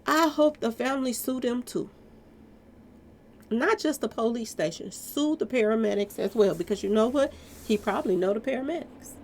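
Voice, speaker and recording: A woman's voice: on the high side, gravelly, darkish tone. A woman giving a casual, emphatic commentary monologue to her viewers, chatty and repeatedly addressing them directly. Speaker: commentary vlogger.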